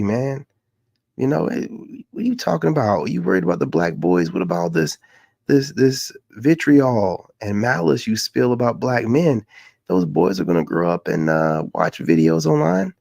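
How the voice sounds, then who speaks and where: A man's voice: mid-range voice, vocal fry, a little mellow, no echo. A man hosting a casual reaction commentary in a loose, slangy way. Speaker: commentary channel host.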